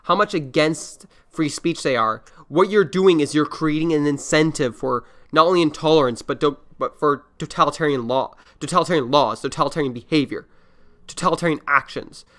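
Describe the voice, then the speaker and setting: Man, podcast host, casual chat, rambling, profane, bright tone. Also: a little high, fairly quick. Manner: rambling, swears freely, laughs often.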